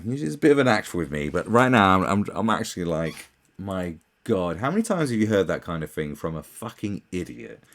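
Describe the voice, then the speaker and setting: A man ranting through a commentary video, profane, sarcastic and exasperated. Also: on the low side. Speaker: commentary channel host.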